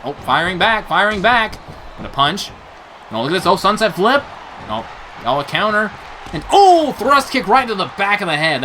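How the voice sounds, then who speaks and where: A young man giving excited play-by-play commentary on a wrestling match, reacting with gasps and laughs. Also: fairly high pitch, a little hiss or hum. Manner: animated, gasping "oh no" reactions, laughs often. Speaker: play-by-play commentator for a video game wrestling show.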